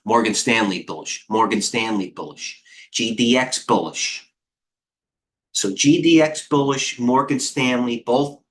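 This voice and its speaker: A middle-aged man with a medium-pitched voice hosts a live trading stream, offering casual market commentary. He rambles, with quick asides, restarts and talking to himself, from an indoor room with a heater on.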